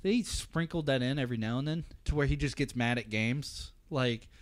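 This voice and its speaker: A man co-hosting a casual movie podcast, rambling and profane, bursting into loud shouted impressions of movie lines. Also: mid-range voice, moderate pace, no echo. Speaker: podcast co-host. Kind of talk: casual movie-review chat.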